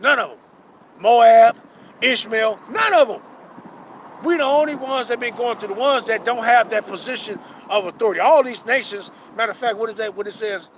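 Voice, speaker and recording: Fervent high-voiced man preaching on a street. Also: rough recording. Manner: fervent, profane, repeats himself, reads verses slowly. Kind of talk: street sermon with scripture reading. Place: outdoors on a city street. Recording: loud street noise behind.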